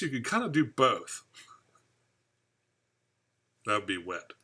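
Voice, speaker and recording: A man's voice: mid-range voice, very animated, slow, bright, forceful tone. A man hosting a live fishkeeping stream, reading viewer comments aloud and chatting in a rambling, easygoing way. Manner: rambling, chatty, laughs at own jokes. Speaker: fishkeeping channel host.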